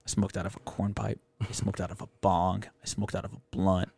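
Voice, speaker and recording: A man in his twenties, a podcast guest, telling a story in a casual, profane, animated way. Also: sits low, a little fast, gravelly, husky, no room sound. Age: 20s. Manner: animated, profane, acts out friends' voices.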